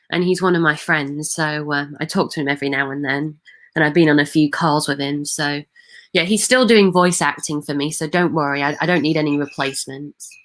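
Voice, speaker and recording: Woman chatting on her stream, kinda low voice, lots of ums and restarts. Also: a bit bright. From Manchester, England. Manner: hesitant, many ums and restarts. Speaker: livestream host. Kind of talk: casual livestream chat, reading viewer comments.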